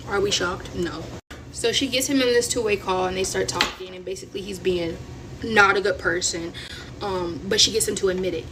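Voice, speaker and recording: Young woman from Florida, casual storyteller, set back from the mic with steady noise behind. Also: mid-range voice. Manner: animated, chatty, dramatic asides. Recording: distant mic with audible noise.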